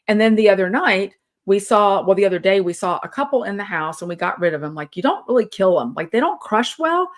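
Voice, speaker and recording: A woman's voice: on the low side, fairly quick, hardly any pauses. Chatty woman storyteller. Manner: chatty, animated storyteller with lots of fillers. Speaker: yarn studio owner and vlog host. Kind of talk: casual storytelling chat.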